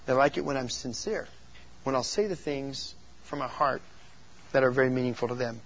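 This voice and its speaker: A man's voice: medium pitch, normal speed, lo-fi sound. A man who works as a youth pastor, speaking to other youth workers and telling stories animatedly. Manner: animated storytelling, acts out voices in quotes.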